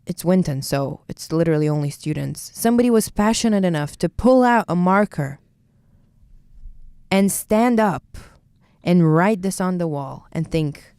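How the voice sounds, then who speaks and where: A woman in her twenties co-hosting a chatty podcast. Her voice sits low, mellow and smooth, recorded dry and close. She talks in an animated, opinionated way, with quick asides. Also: no echo. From Bulgaria. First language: Bulgarian. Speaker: podcast co-host, university student. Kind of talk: casual podcast chat.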